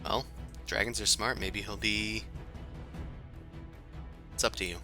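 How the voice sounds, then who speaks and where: A man's voice: fairly low pitch, slow, over music. A man running a tabletop game as game master, narrating with lots of fillers. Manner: relaxed narration with frequent fillers.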